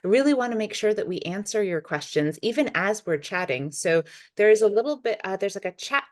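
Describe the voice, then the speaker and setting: A woman's voice: mid-range voice, animated, brisk. A woman hosting a webinar interview, enthusiastic and friendly, with lots of affirming hums. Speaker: interviewer, film sector specialist. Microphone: video call.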